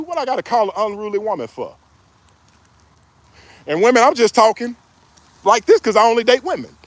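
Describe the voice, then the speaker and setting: A man's voice: high-pitched, a bit bright, no room sound. A middle-aged man giving relationship advice in a joking, preachy way. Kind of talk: casual advice monologue.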